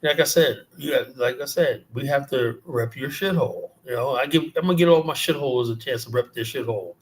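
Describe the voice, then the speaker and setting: A man's voice: medium pitch, a little fast, a little hiss or hum. A man from Queens, hosting a livestream and ranting casually in a profane, rambling, mocking way. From South Jamaica, Queens, New York. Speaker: livestream host.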